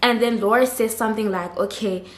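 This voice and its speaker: A woman giving a chatty, expressive recap of a reality TV episode, laughing readily as she talks. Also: a little high, brisk, echoey room. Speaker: reality TV reviewer.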